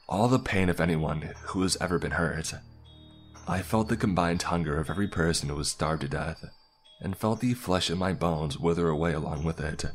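A man narrating a creepypasta in a steady scripted storytelling voice. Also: a bass voice.

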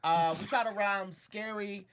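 A man's voice: high voice, steady tone, measured pace, fairly bright tone. A male podcast host in loose, profane comedic banter, introducing guests with hype. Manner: profane, hyped, laughing, MC-style introductions.

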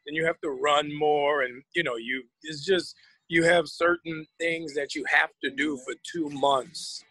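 Man, forties, bright husky voice, animated storyteller, dry close sound; podcast guest. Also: fairly high pitch, measured pace, no echo, low-quality recording. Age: 40s. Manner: lively storyteller, puts on voices for anecdotes. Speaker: actor guest. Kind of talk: casual interview chat.

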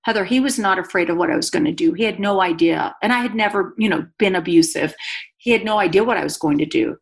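A woman's voice: on the low side, fast talker, gravelly. A woman guest telling a personal story on a podcast in an earnest, confessional way. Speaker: guest author and speaker.

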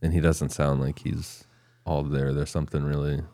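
Very deep dark-voiced podcast man. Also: flat delivery, moderate pace, no room sound, clean studio sound. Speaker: podcast co-host. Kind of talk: casual chat.

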